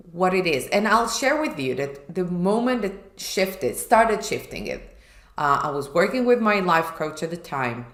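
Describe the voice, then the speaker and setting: A woman's voice: fairly low pitch, a bit bright. A woman co-hosting a chat show, telling a personal story candidly and acting out her past self. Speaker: podcast co-host. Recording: echoey room.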